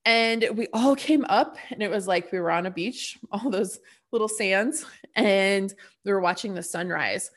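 A woman's voice: medium pitch, unhurried. A woman hosting her own podcast in a casual spiritual monologue, chatty and full of fillers, blunt and cheerfully profane. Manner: chatty, full of "like" and "you know". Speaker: podcast host.

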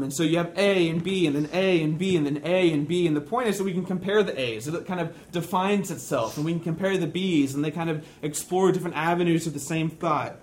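A male pastor preaching a sermon, talking through scripture with slow, deliberate emphasis and repeating key phrases. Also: fairly high pitch.

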